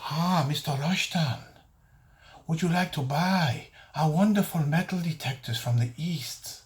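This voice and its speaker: A man voicing an overly polite foreign salesman who pitches metal detectors in a slow, sugary way. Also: natural voice. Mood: flattering. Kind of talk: mocking impression in a casual talk.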